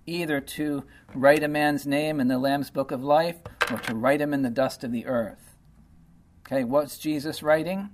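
A medium-pitched man preaches conversationally, reading scripture and explaining it with plenty of "okay" and "you know".

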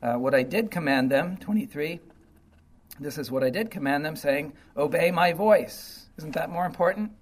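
A man's voice: a little high, animated, moderate pace, rough recording. A man giving an informal verse-by-verse Bible teaching, talking conversationally and often paraphrasing God's words in a blunt, sarcastic tone. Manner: conversational, full of "you know" and "okay".

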